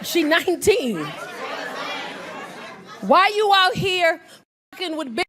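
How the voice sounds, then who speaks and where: A brash woman comic with a lively, high-pitched voice takes her time on a comedy club stage, doing crowd work and acting out voices. The live club recording is noisy, with the crowd's laughter audible.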